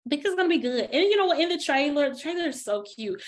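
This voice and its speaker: A woman co-hosting a podcast, chatting casually with an animated, laughing manner. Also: high-pitched, fast talker. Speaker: podcast co-host. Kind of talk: casual chat.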